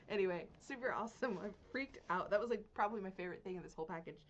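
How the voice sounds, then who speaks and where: A woman hosting a knitting podcast, chatting casually to her viewers, excitable and gushing, laughing often and swinging between hushed and loud. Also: fairly low pitch, a little fast, muffled recording. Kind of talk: casual unboxing chat to viewers.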